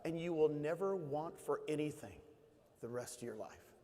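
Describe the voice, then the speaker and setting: A man's voice: fairly high pitch, lively intonation, moderate pace, warm tone. Man telling stories in a reverberant hall. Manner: emotional storytelling, rising to emphatic bursts. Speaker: motivational speaker. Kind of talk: motivational talk to an audience.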